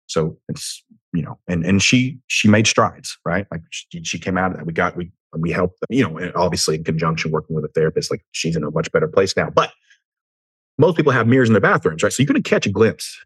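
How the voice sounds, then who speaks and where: A very deep, husky man with a light Southern twang talks through a solo podcast from home. He rambles, swears freely and cracks jokes at himself. The recording is close and dry. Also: expressive, brisk, no echo. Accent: Southern American twang. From United States. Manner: rambling, profane and self-joking, with frequent tangents. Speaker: podcast host. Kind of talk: casual solo podcast monologue. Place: home room.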